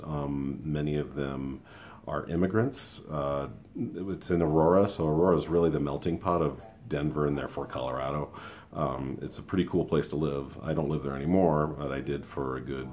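A man in his fifties with an extremely deep, low voice talks through a casual opinion monologue. He rambles from story to aside in an easy, conversational way, with a faint hiss of noise behind him. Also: fairly even intonation, moderate pace, darkish tone. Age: 50s. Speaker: school paraprofessional and show host.

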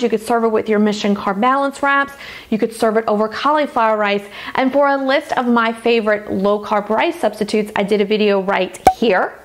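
An upbeat woman with a Louisiana drawl walks viewers through simple recipes in a chatty, casual tone. Her voice sits a little high, and she keeps calling her audience gang and y'all. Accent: Louisiana Southern. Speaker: dietitian and cooking host. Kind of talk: casual cooking tutorial.

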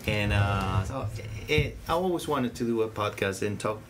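A man with a Spanish accent hosts a relaxed interview podcast. His voice sits on the low side and he circles his questions with fillers and restarts. Clear background noise hangs in the room. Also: moderate pace. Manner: hesitant, many fillers and restarts. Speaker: podcast host. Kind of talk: casual interview chat.

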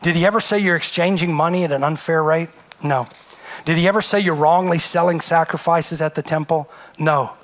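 A man's voice: on the high side, fairly even intonation, a little fast, a bit bright. A man preaching a sermon, reading scripture and firing off emphatic rhetorical questions. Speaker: pastor.

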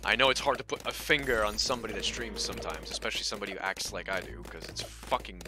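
A man streaming a game, rambling and swearing, swinging between loud outbursts and low mumbling. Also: fairly even intonation, fast. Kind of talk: casual live-stream commentary. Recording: faint game music behind.

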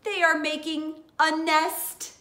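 A woman voicing a calm, helpful pig friend in a storybook read-aloud, speaking in a matter-of-fact, reassuring way. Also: high-pitched, takes it slowly, roomy sound, exaggerated voice. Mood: cheerful.

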